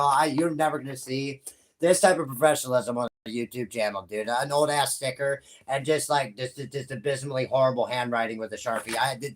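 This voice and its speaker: A young man ranting to camera about wrestling, profane and heated, rambling with frequent restarts and asides to his viewers. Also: fairly high pitch. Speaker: YouTube wrestling commentator. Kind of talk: ranting vlog commentary.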